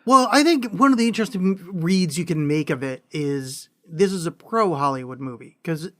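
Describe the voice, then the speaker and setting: A man with a fairly high voice co-hosting a casual podcast about films. He stumbles and restarts often, then acts out reactions with bursts of energy. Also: animated. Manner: halting, many fillers and restarts, acts out quoted reactions. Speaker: podcast co-host. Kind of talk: casual film discussion.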